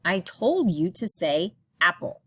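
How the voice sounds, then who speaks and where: A woman's voice: on the low side, big pitch swings, slow, a bit bright, slightly rough, no echo, full character voice. A woman voicing an impatient little girl who insists and scolds while trying to teach her parrot to talk. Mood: scolding.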